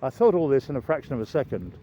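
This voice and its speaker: An older man vlogging on an outdoor walk, chatty and meandering, with bursts of excitement. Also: mid-range voice, quick pace. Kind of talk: rambling walking vlog. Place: outdoors near a railway. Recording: dull lo-fi outdoor recording with traffic noise.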